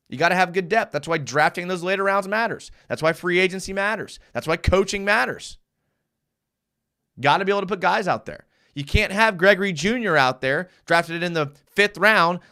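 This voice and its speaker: Reading viewer comments on his live fan show, a young man with a high-pitched voice gets animated and quickly worked up as he analyzes game film.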